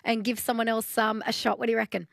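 A woman's voice: on the high side, flat delivery, fast, vocal fry, fairly bright tone, no echo, clean studio sound. A woman hosting a radio phone-in, friendly and encouraging as she chats and reads quiz questions. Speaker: radio host. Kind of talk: casual phone-in chat.

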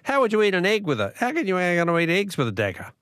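A man hosting a talkback radio quiz, chatty and quick to laugh as he reads out messages. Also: high-pitched, huge pitch swings, fairly bright tone, no room sound, studio quality.

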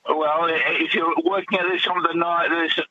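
Laid-back Australian caller on the phone. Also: male voice, fairly high pitch, little pitch movement, normal speed, sharp tone. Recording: muffled phone line with hiss.

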